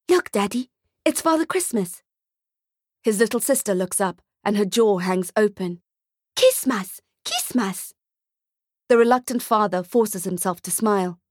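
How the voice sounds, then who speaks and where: Woman narrating a dark-humoured short story. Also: medium pitch, no echo, studio quality. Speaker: audiobook narrator. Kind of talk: scripted narration.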